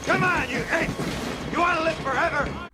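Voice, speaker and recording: An actor playing a gruff army sergeant shouting orders to rally his troops in a film. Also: extremely high pitch, normal speed.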